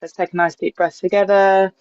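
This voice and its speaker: A woman hosting an online singing session over a video call, greeting people one by one by name and place and leading a breathing warm-up. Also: mid-range voice, flat delivery, brisk, dry recording. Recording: dull, dry video-call audio.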